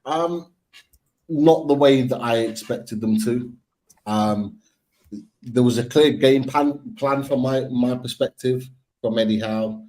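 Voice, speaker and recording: A man giving measured, hesitant football analysis with many pauses in a casual podcast. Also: mid-range voice, darkish tone, low-quality recording. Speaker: Newcastle fan pundit.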